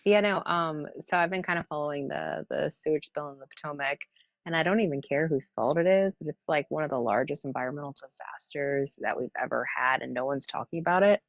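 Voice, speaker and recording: A woman's voice: low voice, brisk, dry recording, muffled recording. A woman calling in to a stream from bed, talking earnestly and with concern, with lots of fillers. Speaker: caller. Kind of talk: casual call-in chat. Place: at home in bed.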